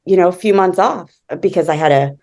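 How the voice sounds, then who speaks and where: A woman's voice: fairly low pitch, a little fast, mellow. Giggly chatty woman on a call. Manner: chatty, giggly, grateful, lots of fillers. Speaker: member sharing good news. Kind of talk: casual chat on a call.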